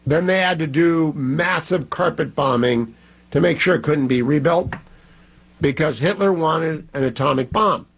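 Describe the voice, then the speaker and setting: A man's voice: fairly high pitch, husky, rough recording. A man hosting a talk radio show, telling a story in a conversational, digressive way with fillers and restarts. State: clearing his throat, slightly choked.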